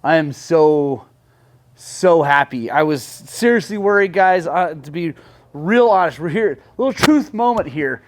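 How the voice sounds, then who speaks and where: Excitable man in a garage vlog. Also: fairly high pitch, unhurried. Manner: excitable, swings from frustrated to elated. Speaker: motorcycle vlogger.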